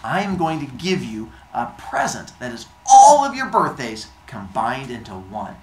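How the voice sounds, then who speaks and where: A man doing a deep, rumbly sun god. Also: wildly swooping pitch, vocal fry, a little mellow, reverberant, heavily acted, rough recording. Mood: warm. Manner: slow, grand declarations. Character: giant sun god father, booming and solemn.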